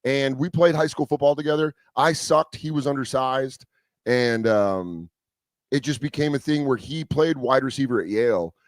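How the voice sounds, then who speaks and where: A man's voice: mid-range voice, normal speed, no room sound. A man, a comedian guest on a radio-style show, telling stories in casual chat, swearing freely and acting out the voices of people he quotes. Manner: animated storyteller who acts out quoted voices, swears freely.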